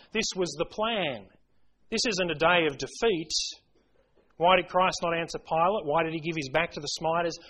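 A man delivers a sermon in a fairly high voice. He speaks earnestly, pressing his points with mounting emphasis and quoting scripture along the way. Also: fairly bright tone, low-quality recording. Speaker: preacher.

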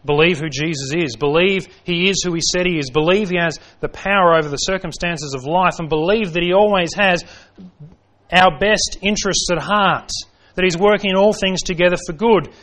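A man's voice: high-pitched, normal speed, a bit bright. A man preaching an evening sermon in a dramatic style, full of rhetorical questions, who acts out the voices he quotes. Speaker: pastor.

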